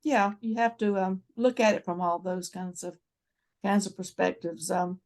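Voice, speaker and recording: A woman's voice: medium pitch, fairly even intonation, normal speed, a little mellow. A woman in her seventies with a North Carolina accent, hosting a casual chat and telling travel stories in a rambling, frank way with many restarts. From North Carolina, USA. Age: 70s. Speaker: channel host.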